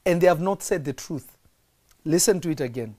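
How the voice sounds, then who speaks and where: A man's voice: fairly high pitch, lively intonation, moderate pace, warm tone. A man preaching as a prophet on a podcast, stressing and repeating key lines and quizzing his listeners.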